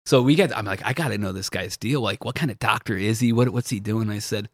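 A man's voice: lowish voice, fast, no room sound. A man co-hosting a caddie podcast, telling a long story in casual chat, mimicking the people he describes and laughing often.

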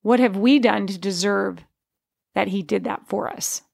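A woman's voice: mid-range voice, a little slow, gravelly, darkish tone, no room sound, studio quality. A woman in her forties giving an earnest, conversational faith testimony, full of fillers and restarts. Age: 40s.

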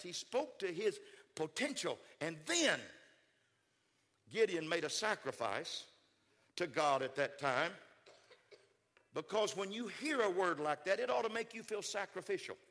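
High, bright-voiced man preaching in a hall. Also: expressive, unhurried, pauses often. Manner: builds to shouted call-and-response preaching. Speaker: pastor. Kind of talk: sermon.

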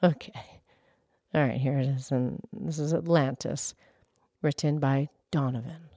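Calm low-key woman reading aloud. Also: a little slow, no room sound, studio quality. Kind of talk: casual chat and poem reading.

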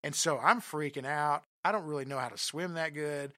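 A man telling a comic personal story in an animated, self-deprecating way, often talking straight to his listeners. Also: on the high side, normal speed, no echo, clean studio sound.

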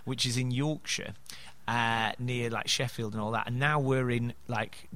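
A man's voice: medium pitch, steady tone, unhurried, fairly bright tone. A man, co-hosting a podcast in casual chat, chatty and laughing often. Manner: chatty, laughs often, does funny voices in stories. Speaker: podcast co-host.

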